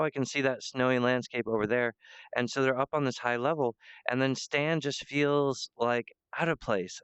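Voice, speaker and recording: Young man, rambling amateur pitch, smooth voice, halting with fillers, slightly dull dry recording. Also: no room sound. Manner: rambling, halting, full of fillers, jumps into high acted-out quotes. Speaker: amateur pitching a cartoon episode idea. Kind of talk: rambling excited pitch monologue.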